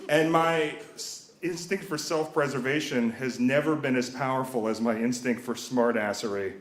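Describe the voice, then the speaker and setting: A man's voice: medium pitch, normal speed, reverberant, crowd noise. A man in his thirties telling a personal story live, wry and self-mocking, acting out the voices of the people in it. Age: 30s.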